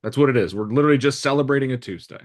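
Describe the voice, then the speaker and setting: Lively man teaching a real estate class. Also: mid-range voice, rapid-fire. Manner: lively, acts out dialogues, blunt jokes. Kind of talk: live training talk to a room.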